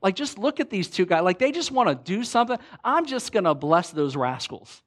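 Pastor, male, chatty sermon delivery, acts out dialogue, slightly higher voice. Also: brisk. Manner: conversational, animated, acts out quoted lines.

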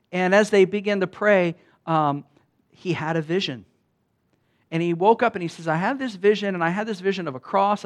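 A man with a slightly high voice preaches a sermon, telling stories from mission travel. He talks in an earnest, animated way, full of restarts, and sinks to a quiet hush at the tender parts. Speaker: pastor. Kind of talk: sermon storytelling.

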